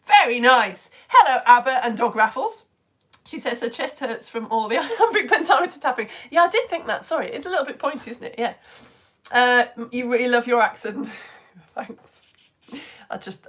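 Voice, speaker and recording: Bubbly woman host with a high, bouncy voice, chatting through viewer comments on a live stream. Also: normal speed. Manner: chatty, excitable, laughs often. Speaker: educator reading live comments. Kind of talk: casual live-stream chat.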